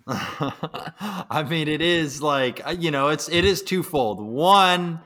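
Male storyteller on a call, bright tone, irreverent and casual. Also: a little high, expressive, slow. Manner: joking storyteller, swears freely. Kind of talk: casual chat. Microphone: remote call from his computer.

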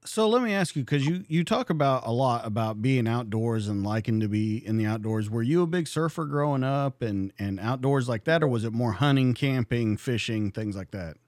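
A man's voice: medium pitch, normal speed, hardly any pauses, darkish tone, dry recording, studio quality. A male interview host asking questions in an inquisitive, conversational way. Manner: inquisitive, conversational, some restarts. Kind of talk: podcast interview.

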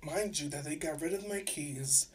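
A man's voice: on the high side, normal speed, recorded from a distance, a little hiss or hum. Young man from New York telling a story. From New York City. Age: young adult. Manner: animated retelling, acting out both sides of dialogue. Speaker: podcast host. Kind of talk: casual storytelling.

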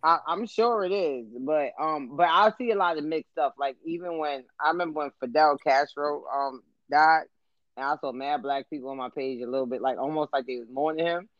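High new guy on a podcast, quick reactions, kinda muffled. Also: no room sound. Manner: reactive, laughs and chimes in. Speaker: podcast co-host. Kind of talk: casual chat. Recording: dull lo-fi sound.

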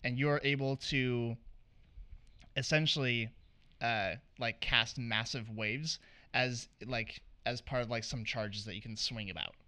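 A man hosting a casual game-trivia podcast segment, relaxed and a little hesitant, reading out item descriptions. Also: medium pitch, unhurried, no room sound. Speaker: quiz host.

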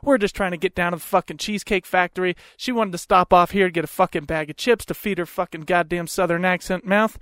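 A man voicing a tired, resigned husband who mumbles low and quiet. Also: fairly even intonation, quick pace, few pauses, no echo, studio quality. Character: weary mumbling husband, middle-aged man.

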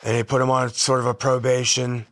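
A man's voice: mid-range voice, completely flat delivery, a little fast. A middle-aged man hosting a podcast, telling rambling, blunt stories from his youth in a casual monologue. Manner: rambling, blunt, tough-guy storytelling. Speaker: podcast host.

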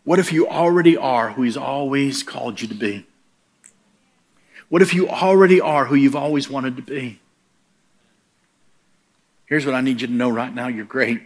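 Animated, plain-spoken male preacher. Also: mid-range voice, normal speed, pauses often. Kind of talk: humorous storytelling sermon.

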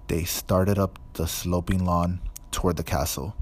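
A man reading an audiobook in a measured, even storytelling manner. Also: deep voice, breathy edge. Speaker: audiobook narrator. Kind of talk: scripted narration.

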